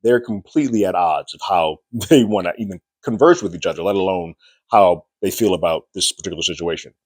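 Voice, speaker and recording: A man's voice: sits low, fairly quick, no room sound. A man casually recapping a TV episode in a loose, chatty way, often restarting his sentences. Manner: chatty, loose retelling with frequent restarts and acted-out quotes. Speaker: TV show reviewer.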